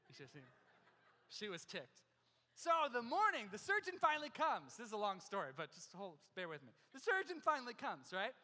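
Bright high-voiced man telling a sermon story. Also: fairly quick. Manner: animated, self-mocking humor, acts out other people's lines. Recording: long hall reverb.

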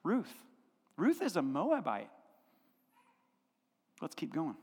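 A man preaching a sermon as pastor, telling a Bible story with animated delivery and acting out the characters' lines. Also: a little high, slow, slightly rough, in a large hall. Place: church sanctuary.

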